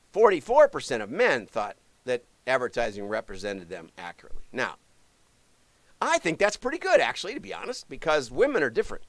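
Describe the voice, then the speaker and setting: A middle-aged man from the US hosts a casual livestream, chatting in a fairly high voice that swings up and down a lot. He jokes and breaks off into asides, and the close mic sounds dry. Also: a bit bright, no room sound. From United States. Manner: chatty and jokey, self-interrupting asides. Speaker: livestream show host.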